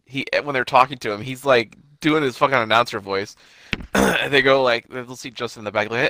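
A man in casual chat about wrestling who laughs often, swears and slips into quick impressions. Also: medium pitch, sharp tone, slight background noise. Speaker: podcast co-host.

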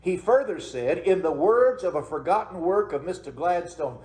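A man preaching a Sunday evening sermon, with a fairly high voice. He talks in a folksy way and keeps asking the congregation to answer him. The sound rings in an echoey church sanctuary. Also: expressive, normal speed, a little mellow. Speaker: pastor.

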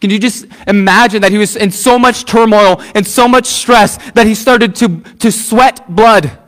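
A pastor preaching a sermon, using repeated phrases and asking the congregation questions. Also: male voice, sits high, normal speed, fairly bright tone.

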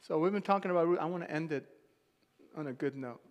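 A man preaching a sermon as a pastor, emphatic and rising to loud shouts. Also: fairly high pitch, fast. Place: church sanctuary. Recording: long hall reverb.

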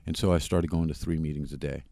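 A man, a podcast guest, candidly telling his personal recovery story in a plain-spoken, halting way with frequent restarts. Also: very deep voice, steady tone, vocal fry, warm tone, dry recording, clean studio sound.

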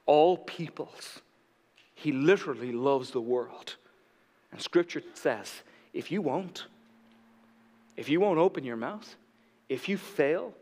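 A male pastor preaching a sermon with passion, swinging between loud declarations and hushed emphasis. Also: medium pitch, big-room sound. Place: church sanctuary.

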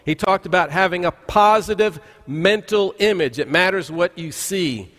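A man's voice: high voice, moderate pace, a bit bright. A man, a pastor, preaching a conversational sermon in a church sanctuary, telling folksy stories with frequent "uh" restarts. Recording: long reverb of a large church hall.

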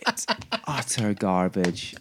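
Low-voiced man chatting with enthusiasm. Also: animated, slow, creaky, slight background noise. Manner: rambling, with many fillers and restarts. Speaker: podcast co-host. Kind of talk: casual chat.

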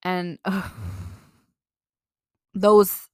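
Young woman vlogging, chatty and blunt, lowish voice, dry close sound, cusses a lot. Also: very animated, very slow, warm tone, slightly rough, dry recording. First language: bilingual, slips into Mexican Spanish. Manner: chatty, frank, swears freely, laughs at herself. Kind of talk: casual advice talk to camera.

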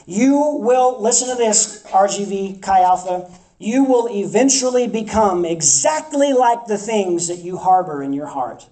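Mellow-voiced preacher in an echoey room. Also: mid-range voice, expressive, measured pace, recorded from a distance. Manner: emphatic, repeats phrases for effect. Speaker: campus ministry preacher. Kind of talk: sermon.

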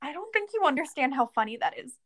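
Young female co-host, high-pitched and lively, casual and profane, dry close recording. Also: fast, dry recording. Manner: animated, swears, laughs often. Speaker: podcast co-host. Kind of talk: casual chat.

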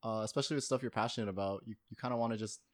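Young man, low-ish easy voice, thoughtful and hedging guest. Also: steady tone, rapid-fire. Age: young adult. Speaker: podcast guest. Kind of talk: casual chat.

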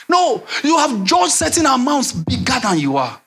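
A young Nigerian man preaching a sermon as pastor, animated, repeating phrases and dropping into a low voice to act out quotes. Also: moderate pace, hardly any pauses.

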